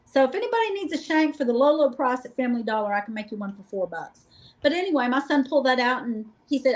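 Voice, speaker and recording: A middle-aged woman guest, telling lively, joking stories about a paranormal investigation in a casual chat. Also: high voice, quick pace, low-quality recording. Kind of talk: casual storytelling.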